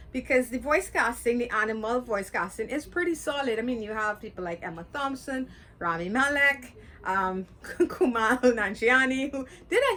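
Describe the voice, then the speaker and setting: A woman's voice: a little high, fairly bright tone. A woman giving a casual, chatty movie review, talking candidly with frequent fillers and restarts.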